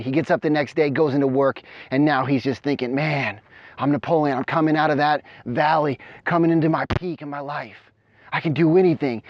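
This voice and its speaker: Running up an outdoor mountain trail, a motivational coach with a higher-leaning male voice narrates an energetic storytelling vlog with lots of animation. There's no echo, and the highs are cut off.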